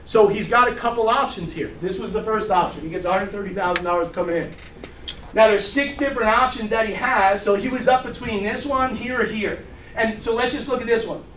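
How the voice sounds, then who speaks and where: Brash middle-aged trainer with a high voice. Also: male voice, a little fast, fairly bright tone, recorded from a distance. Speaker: sales trainer. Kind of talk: energetic training talk with stories. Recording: echoey room recorded from afar with faint hiss.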